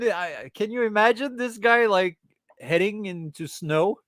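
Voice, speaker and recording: Podcast host, male, casual toy chat; mocking, giggly, unhurried delivery, slips into French. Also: high-pitched, expressive, fairly bright tone, no room sound, studio quality. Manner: mocking, giggles between remarks; switches into French at times.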